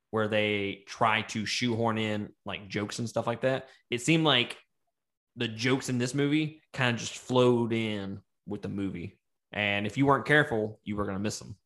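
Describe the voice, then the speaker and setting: Animated, profane male movie podcaster. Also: fairly low pitch. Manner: animated, profane, laughs often. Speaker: podcast co-host. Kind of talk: casual movie review chat.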